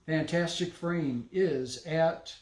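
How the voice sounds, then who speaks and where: A man hosting a live online auction, briskly calling out lots and closing bids. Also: on the high side, a crowd in the background. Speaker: auction host.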